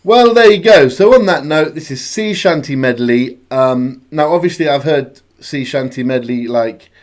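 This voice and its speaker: British male host, average pitch, easygoing and upbeat, chatty reaction-video delivery. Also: animated, normal speed. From United Kingdom. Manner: upbeat and chatty, hums tunes aloud. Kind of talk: casual chat.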